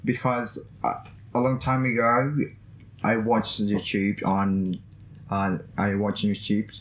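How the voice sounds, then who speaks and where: A young Indonesian student, a man, chatting eagerly in halting English with an Indonesian accent as a guest in a campus interview. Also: lowish voice, little pitch movement, reverberant. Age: young adult. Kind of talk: casual interview chat.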